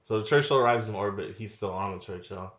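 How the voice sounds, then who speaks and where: Podcast co-host, joking man with a low voice, cussing casually; echoey lo-fi recording. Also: brisk, fairly bright tone. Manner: joking, swears often, mock voices. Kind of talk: casual movie-riffing chat. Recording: echoey room, dull lo-fi sound.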